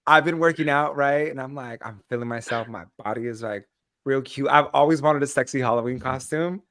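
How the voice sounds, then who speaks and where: A man's voice: mid-range voice, a little fast, a bit bright, dry recording, studio quality. An American man in his thirties co-hosting a podcast, telling funny stories in a playful, dramatic way. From United States. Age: 30s. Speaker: podcast co-host. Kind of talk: casual chat.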